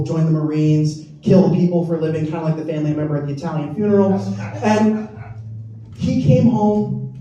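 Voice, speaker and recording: A man's voice: fairly high pitch, dark tone, lo-fi sound. A young man doing a rambling, self-deprecating stand-up set on a comedy club stage. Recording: roomy, distant club recording. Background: audience laughter.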